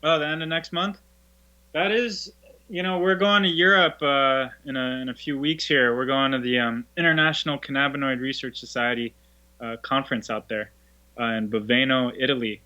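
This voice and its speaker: A man speaking as a guest in a casual chat, in a relaxed, easygoing way. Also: mid-range voice, moderate pace. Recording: dull lo-fi sound.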